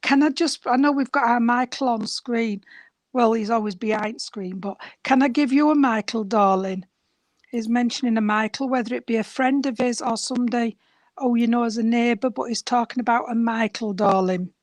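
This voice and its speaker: A woman giving a mediumship reading, her voice going hoarse, calling the sitter sweetheart and darling. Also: on the high side, moderate pace, no echo.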